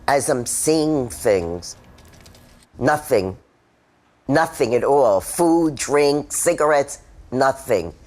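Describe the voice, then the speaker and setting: A woman's voice: rumbling low, darkish tone. A woman, a former smoker, telling her own story in a candid, emotional testimonial. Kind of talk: personal testimonial.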